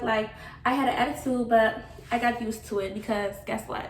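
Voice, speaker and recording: A woman's voice: on the high side, steady tone, normal speed, slight background noise. A young woman giving a candid vlog update, chatty and blunt, swearing casually. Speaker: vlogger. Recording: echoey room, slightly distant mic.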